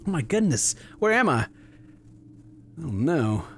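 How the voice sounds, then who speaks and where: A man's voice: on the high side, slow pace, slight background noise. A young man hosting a gaming video, commenting casually and reading the game's lines aloud in playful voices. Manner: animated, playful, reads game dialogue aloud in voices.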